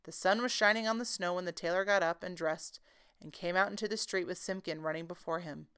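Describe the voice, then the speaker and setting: A woman's voice: on the low side, fairly even intonation, a little fast, a bit bright, smooth. Woman reading a children's story aloud. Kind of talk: children's book read-aloud.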